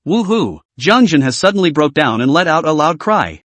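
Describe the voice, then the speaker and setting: A man's voice: a little high, animated, moderate pace, a bit bright, no echo. A man narrating a dramatic story recap in a scripted way.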